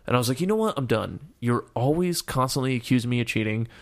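Gravelly young man telling a wild story. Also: medium pitch, quick pace. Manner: profane, animated storytelling with loud shouted outbursts and laughter. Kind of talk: casual storytelling chat.

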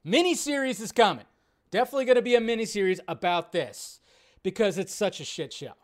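A man with a fairly high voice hosts a casual live show. He rambles, restarts his sentences and swears freely, and his rants grow loud and animated. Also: quick pace. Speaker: host.

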